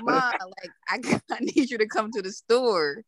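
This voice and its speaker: A woman's voice: on the high side, normal speed, hardly any pauses, crowd noise. A woman telling a story in casual podcast chat, laughing often and acting out the voices of the people in it. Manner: animated, laughs often, acts out quoted voices.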